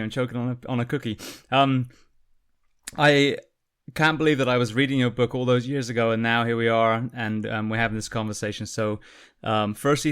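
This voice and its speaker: Male podcast host, mid-pitched, earnest and emphatic, filler-heavy delivery. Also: fairly bright tone, clean tone. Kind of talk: podcast intro and interview.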